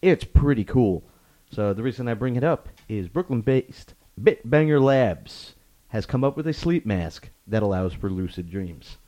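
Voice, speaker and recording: A man's voice: medium pitch, lively intonation, moderate pace, dark tone. A man hosting a casual podcast chat, joking and steering the topics.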